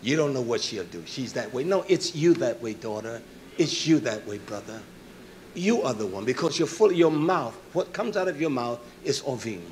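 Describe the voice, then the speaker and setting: A man preaching a sermon, emphatic, rising to shouts and dropping to soft asides. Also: mid-range voice, expressive, normal speed, slight background noise.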